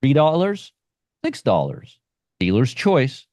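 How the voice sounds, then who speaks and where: A mid-pitched man runs a live trading stream and talks through options setups. He is brash and sarcastic, and he answers viewers by name. His voice sounds dry and close to the mic. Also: wildly swooping pitch, slow pace, darkish tone, no room sound.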